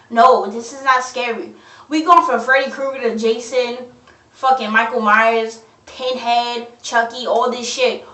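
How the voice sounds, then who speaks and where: A young woman tears into a horror film, cursing freely in casual slang. Her voice sits a little high. She is recorded on a phone set back from her in an echoey room. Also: a bit bright, far from the mic. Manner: profane, blunt, slangy. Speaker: movie reviewer. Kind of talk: ranting movie review.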